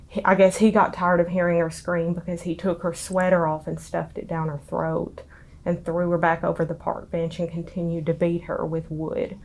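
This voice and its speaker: A young woman, tearful and halting as she recounts her past in an interview. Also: lowish voice. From Tennessee. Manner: halting, with many ums. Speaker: interviewee, daughter of a street preacher.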